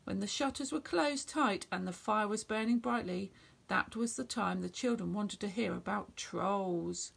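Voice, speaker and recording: A woman reading a children's story aloud in a gentle, expressive way. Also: mid-range voice, unhurried, vocal fry.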